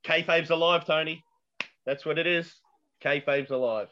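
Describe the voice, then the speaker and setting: A man's voice: on the high side, steady tone, normal speed, bright, forceful tone, a little hiss or hum. Male co-host, dry jokey manner, muffled lo-fi sound. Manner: wry, jokey. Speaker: wrestling podcast co-host. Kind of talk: casual chat. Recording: dull lo-fi mic.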